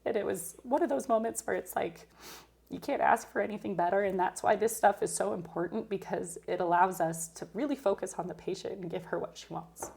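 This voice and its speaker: A woman's voice: medium pitch, a little fast, gravelly, darkish tone. A woman in her thirties, a nurse and podcast guest, telling candid stories from intensive care in a casual chat. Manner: candid storytelling, emotional at times.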